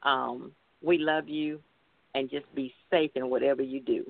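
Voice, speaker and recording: A woman co-hosting a chat show, offering affectionate birthday wishes and repeating her warm words. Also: extremely low pitch, steady tone, unhurried, vocal fry, very noisy. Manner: affectionate and repetitive. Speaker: co-host. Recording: tinny phone line.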